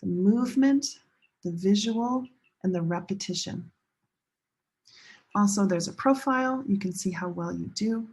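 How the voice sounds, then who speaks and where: Woman, pronunciation teacher, husky voice, repeats sentences to model stress. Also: mid-range voice, darkish tone. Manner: slow, drawn-out modeling of sentence stress with repetition. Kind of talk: classroom lesson demonstrating an app.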